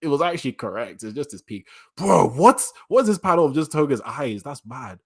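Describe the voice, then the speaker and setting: An excitable man reacts to a manga chapter in loose, slangy commentary. His voice sits at an ordinary middle pitch, and he jumps between reading panels and blurting out his own reactions. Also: fairly quick. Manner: excitable, slangy, reads panels aloud with bursts of laughter.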